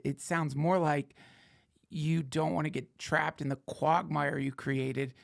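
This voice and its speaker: A man's voice: fairly high pitch, vocal fry. A man hosting a podcast, riffing in a sardonic, profane, rambling comedic monologue. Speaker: podcast host.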